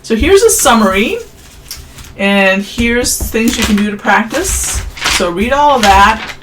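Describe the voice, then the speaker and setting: A woman's voice: a little high, expressive, unhurried, noisy background. A woman giving a casual, recorded music theory lecture, chatting through examples with offhand, self-deprecating asides.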